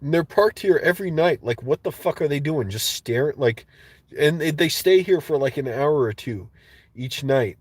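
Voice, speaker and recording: A man's voice: a little high, lively intonation, moderate pace, husky, no echo. A man hosting a livestream, ranting casually and angrily with lots of swearing. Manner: profane, agitated ranting. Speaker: livestream host.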